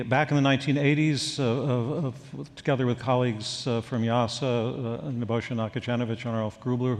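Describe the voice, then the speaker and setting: An older man speaks at an even middle pitch, explaining ideas in a thoughtful, halting way with frequent pauses and fillers. He is a guest expert in an onstage forum conversation. His voice carries a long, reverberant tail from a large conference hall.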